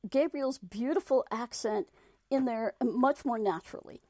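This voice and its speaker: Midlands woman co-host, bubbly, slightly high voice, dry close mic. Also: measured pace, darkish tone, no room sound. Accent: English Midlands. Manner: bubbly, laughs easily. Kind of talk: casual online meeting chat.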